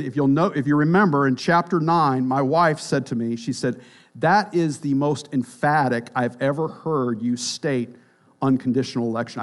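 A pastor preaching a sermon in a church, emphatic, swinging between loud declarations and quiet, dropped phrases. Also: male voice. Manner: emphatic, rises and drops sharply in pitch and volume.

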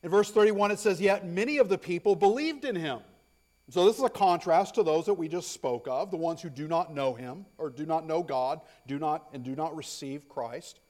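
A male pastor preaches an emphatic sermon in a slightly high voice at a moderate pace. He drives points home by repeating phrases, swinging between loud declarations and hushed asides.

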